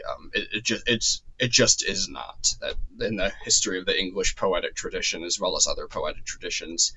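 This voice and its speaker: A man's voice: deep voice, bright, forceful tone, lo-fi sound. A man teaching a literature course in a loose, digressive lecture, with many ums and restarts, his voice a little strained. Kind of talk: unscripted lecture.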